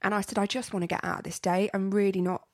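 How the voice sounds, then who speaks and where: A woman's voice: medium pitch, little pitch movement, fast, no room sound, studio quality. A young woman co-hosting a podcast, telling a long personal story in a chatty way, full of fillers and repeats. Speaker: podcast co-host. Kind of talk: casual chat.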